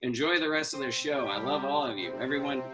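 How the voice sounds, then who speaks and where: A man's voice: medium pitch, quick pace, over loud music, lightly acted. A man playing Superman as a cranky, profane stand-up comic ranting about quarantine. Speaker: stand-up comedian in costume. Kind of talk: in-character stand-up.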